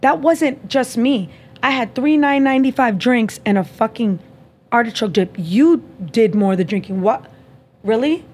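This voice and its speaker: Podcast host, woman, slightly high pitch, animated profane storyteller who acts out the dialogue. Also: normal speed, slightly rough. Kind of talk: casual storytelling chat.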